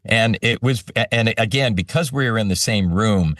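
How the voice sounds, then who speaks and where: An older man, a voice-over artist, telling animated stories in a casual interview. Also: on the low side, moderate pace, no room sound, clean studio sound, recorded from a distance.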